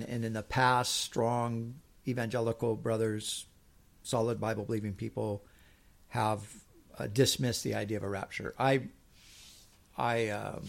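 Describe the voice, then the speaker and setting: A middle-aged man with a lowish, gravelly voice preaches a sermon. He reads scripture slowly and with emphasis, then explains it in a chatty way.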